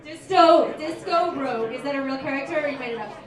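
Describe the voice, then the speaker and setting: High-voiced woman emceeing a bar contest. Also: quick pace, a crowd in the background. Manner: upbeat emcee patter. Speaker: co-host. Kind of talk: hosting a costume contest. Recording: echoey bar from far off.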